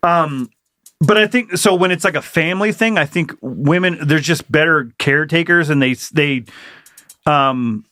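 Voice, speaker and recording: A middle-aged married man co-hosting a podcast, talking casually in halting, restarting sentences. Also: on the high side, pushed and bright, dry recording, studio quality. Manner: halting, restarts often, plain-spoken. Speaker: podcast co-host. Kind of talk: casual chat.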